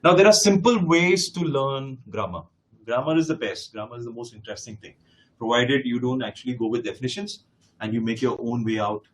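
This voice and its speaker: A man's voice: medium pitch, a little fast. A man teaching a live test-prep class, addressing his students directly and repeating key points with emphasis.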